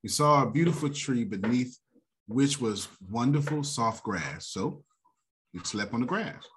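Male host, super lively pitch, preachy hype, laughs a lot. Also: measured pace. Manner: animated, preacher-like, laughs often. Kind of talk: motivational finance talk.

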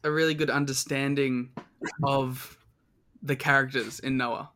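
A man guesting on a podcast, reviewing matches in casual chat, enthusiastic but halting, filling his talk with "like.". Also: mid-range voice, flat delivery, bright, forceful tone.

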